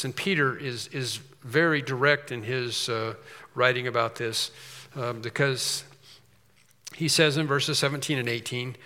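A male preacher with a bright, forceful voice works through a scripture passage in a sermon. He lifts his voice for the quoted verses and drops into quick explanatory asides with frequent restarts. His voice rings with the long reverb of a large church hall. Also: medium pitch. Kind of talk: expository sermon, reading scripture aloud.

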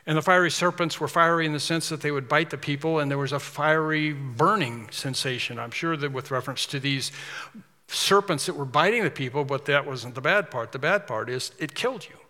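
A man's voice: fairly high pitch, a little fast, bright, forceful tone. A man preaching a sermon, emphatic and repetitive, building intensity as he drives points home. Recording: long hall reverb.

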